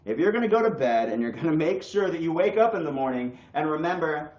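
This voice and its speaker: A young man ranting bluntly and crudely on a casual livestream, his voice swinging from loud bursts to low mutters. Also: expressive, fast, hardly any pauses. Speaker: streamer. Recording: echoey room, dull lo-fi sound.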